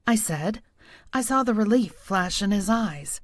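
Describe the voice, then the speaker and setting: A woman narrating a novel in the first person, with a wry, lively delivery. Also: a little high, a little slow, dry recording, studio quality. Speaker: audiobook narrator.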